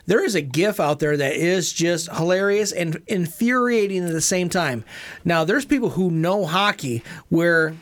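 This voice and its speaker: A man co-hosts a sports talk show from a radio studio and tells rambling, jokey stories about the team. His voice sits fairly high for a man. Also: lively intonation, measured pace, a bit bright. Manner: joking, rambling storyteller. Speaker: radio co-host. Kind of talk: casual sports radio banter.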